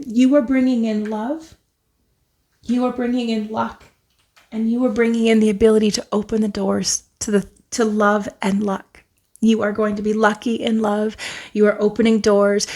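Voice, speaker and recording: A woman from Canada giving an excitable, emotional tarot pick-a-card reading. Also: mid-range voice. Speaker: tarot reader.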